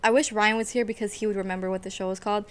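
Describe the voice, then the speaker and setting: A young woman chatting casually on a podcast, animated, swearing freely and laughing often. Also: medium pitch, racing. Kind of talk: casual chat.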